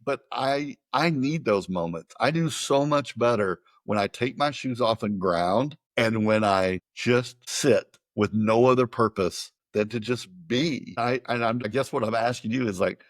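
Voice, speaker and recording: A man's voice: mid-range voice, a little slow, few pauses, dry recording. An American man hosting a podcast, chatting casually and rambling, often repeating words as he starts a sentence. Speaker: podcast host.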